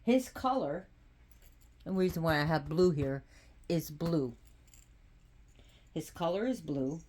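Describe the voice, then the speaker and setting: A woman casually explaining oracle cards and ritual practice in a spiritual vlog, speaking in a halting way with frequent restarts. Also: low-pitched, lively intonation, a little mellow, slight background noise.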